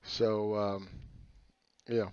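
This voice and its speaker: Middle-aged guy ranting about charts, blunt and sweary, lowish voice, kinda muffled lo-fi sound. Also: level tone, very slow, darkish tone, clean tone, dry recording. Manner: blunt, profane, mocking. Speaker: market commentator. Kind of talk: casual chart commentary. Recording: dull lo-fi sound.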